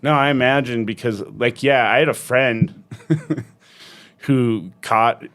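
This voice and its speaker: Animated, swearing male podcast host. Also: mid-range voice, slow pace. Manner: animated storyteller, acts out quotes loudly, swears a lot. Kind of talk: casual chat.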